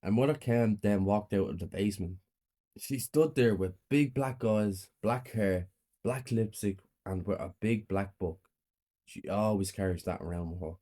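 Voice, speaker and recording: A man with a lowish voice reads a first-person horror story aloud. His narration is plain and quiet. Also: measured pace.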